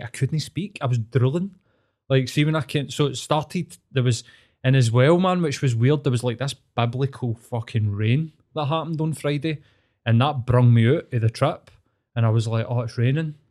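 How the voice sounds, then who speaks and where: A man's voice: mid-range voice, moderate pace, darkish tone. A man with a Glaswegian accent telling a long personal story in casual podcast chat, rambling and sweary but earnest. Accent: Scottish, Glaswegian.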